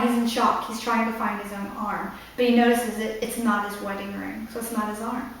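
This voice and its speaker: Woman author reading aloud in an echoey room. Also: a little high. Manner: breaks off to explain the story in asides. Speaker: author reading her novel. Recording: echoey room, distant mic.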